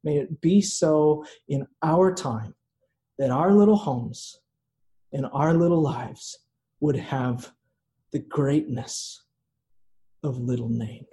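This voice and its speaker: A man preaching a sermon in a slow, earnest way, with dramatic pauses. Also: on the high side, dark tone. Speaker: pastor.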